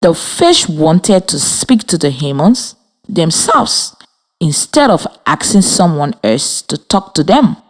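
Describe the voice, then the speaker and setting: Woman radio teacher from Liberia, very slow, lively pitch, clear and encouraging. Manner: slow, clear, encouraging, spells and claps out words. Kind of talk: radio reading lesson for children. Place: radio studio with students.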